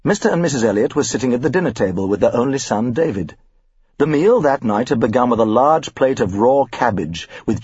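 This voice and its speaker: A man narrating an audiobook in a wry, expressive storytelling manner. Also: medium pitch, slightly rough, no room sound, lo-fi sound. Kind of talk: scripted narration.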